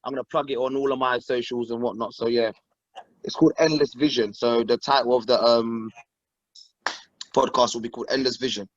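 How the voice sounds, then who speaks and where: Brief: young male guest, quick and lively, muffled dry sound. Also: mid-range voice, dry recording. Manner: excitable, swears, laughs often. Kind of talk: casual video call chat.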